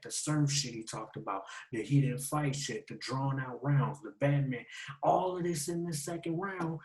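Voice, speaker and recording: Man, battle rap breakdown host, casual, slangy, repeats lines slowly, mid-pitched voice. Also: a little mellow, poor audio. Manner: street slang, profane.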